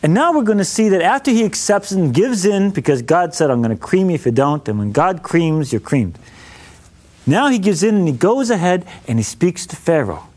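A man's voice: high-pitched, sing-song, normal speed, a little mellow. A man teaching an informal Bible lesson with folksy, jokey asides.

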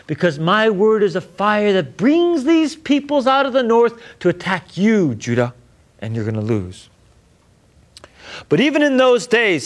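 A man teaching a scripture lesson, reading verses and paraphrasing them in plain everyday speech. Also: sits high. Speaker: Bible teacher. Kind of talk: scripture lecture.

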